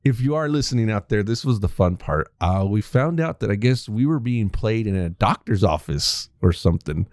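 Low-voiced, lively teasing man on a podcast. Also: normal speed, few pauses, no echo. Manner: teasing, laughs often, talks to listeners. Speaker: podcast co-host. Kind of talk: casual podcast banter.

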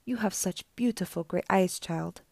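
A woman reading an audiobook voices a lonely, sweetly sinister old woman who talks slowly and soothingly. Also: mid-range voice, gravelly, mellow, no echo, clean studio sound. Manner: slow, soothing and sad.

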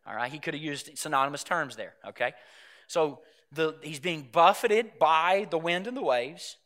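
A man preaching a sermon, animated, often asking the congregation questions and rising to loud, emphatic stretches. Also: a little high. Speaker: pastor.

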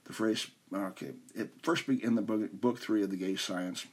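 A man with a low, husky voice hosts a casual explanatory podcast. He talks informally and conversationally, now and then tripping over hard names. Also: steady tone, normal speed. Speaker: podcast host.

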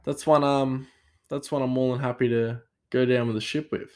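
A man's voice: mid-range voice, steady tone, normal speed, clear, resonant tone. A man with an Australian accent who works in a kitchen, chatting casually in a rambling, sarcastic way with lots of fillers. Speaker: kitchen worker. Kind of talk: casual storytelling chat.

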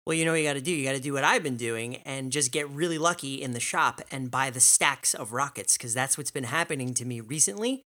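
A man's voice: medium pitch, fast talker, hardly any pauses, pushed and bright. A man hosting a casual gaming podcast, dry and teasing with his co-host. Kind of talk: casual chat.

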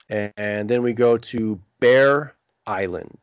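Man, halting casual recap, reads lines aloud, dry recording. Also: lowish voice, smooth, no room sound, dull audio. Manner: halting, many "uh" fillers. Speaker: podcast co-host recapping a TV episode.

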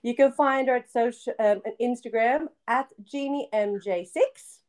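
A woman's voice: fairly high pitch, moderate pace, darkish tone. A young woman hosting a casual podcast chat, giggly and chatty with lots of fillers. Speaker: podcast host.

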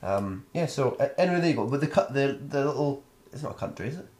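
A man's voice: medium pitch, animated, fast talker, a little mellow. A British man co-hosting a dog podcast, jokey and playful, rambling through his points in casual chat. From Britain. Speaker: podcast co-host. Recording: echoey room.

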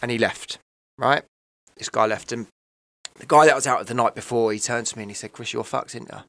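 A man's voice: medium pitch, a little fast, a bit bright, dry recording. A man, telling his own story in a candid, emotional, rambling way, often asking "right?" and "you know". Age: 30s. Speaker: podcast guest.

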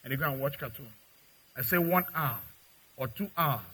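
A middle-aged male pastor preaching a sermon, acting out little dialogues and swinging from quiet to loud. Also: medium pitch, normal speed, slightly rough, poor audio. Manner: preaching with dramatic acted-out dialogue and big swings in loudness.

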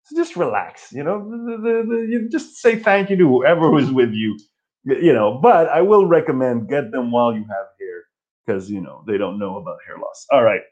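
A man's voice: medium pitch, lively intonation, moderate pace, a little mellow, highs cut off. A man in his forties hosting a casual live stream from his old bedroom, ranting and telling stories in a profane, self-mocking way. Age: 40s.

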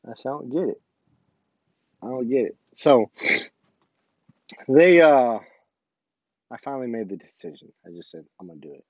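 A man's voice: medium pitch, normal speed, pauses often, dry recording, muffled recording. A man, an army sergeant, casually telling a story about his duty station and acting out the dialogue. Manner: animated, acts out quoted dialogue.

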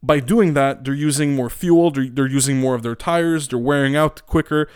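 A man's voice: medium pitch, normal speed, clean tone, no room sound, clean studio sound. A young man hosting casual commentary, rambling, opinionated and profane. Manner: rambling, profane, many fillers and restarts; opinionated and animated. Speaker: podcast host.

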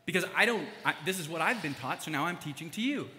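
A young man preaching a casual sermon, chatty and animated, with fillers and asides. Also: a little high, fast talker, slight background noise. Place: church hall. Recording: long hall reverb.

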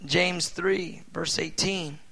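Male pastor, middle-aged, sermon, high voice, chatty with fillers, loud bursts and quiet asides. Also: fairly even intonation, takes it slowly, creaky, slightly rough, rough recording. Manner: swings between loud emphatic bursts and soft asides; conversational, with many fillers.

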